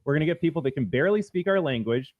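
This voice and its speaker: Male co-host, slightly high voice, blunt ranting delivery, lo-fi stream audio. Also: animated, very fast. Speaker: podcast co-host. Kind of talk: political talk show banter.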